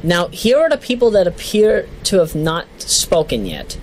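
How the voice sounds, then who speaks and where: A man's voice: sits high, huge pitch swings, moderate pace, a little hiss or hum, poor audio. A man giving casual political commentary who jokes, stumbles over names and laughs at himself. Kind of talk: casual commentary reading a list.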